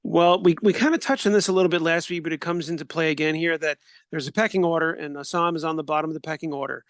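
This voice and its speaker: A man's voice: fairly high pitch, fairly even intonation, quick pace, fairly bright tone, no room sound. A man co-hosting a podcast, musing about a TV show in a reflective, hedging way. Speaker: podcast co-host. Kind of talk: casual discussion.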